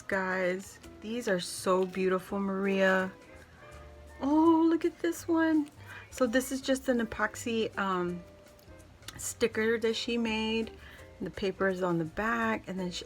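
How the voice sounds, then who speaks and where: A woman with a slightly high voice talks slowly and unhurriedly, gushing over each item as she unboxes craft mail for her channel. Soft music plays faintly underneath. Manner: effusive, gushing exclamations. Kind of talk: casual unboxing vlog.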